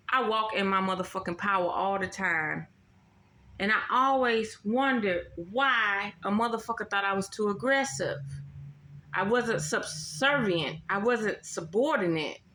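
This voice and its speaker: Her medium-pitched voice is unhurried and sharp-toned, with a little hiss or hum in the audio. She's an astrology vlogger on a casual, swear-filled rant, blunt, emphatic and repetitive, recorded with roomy echo.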